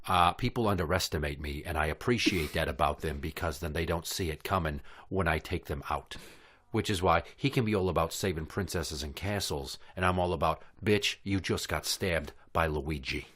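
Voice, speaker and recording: A man voicing a sly, boastful video game plumber who brags in a quiet, menacing way. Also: low voice, moderate pace, breathy edge, voice pushed down.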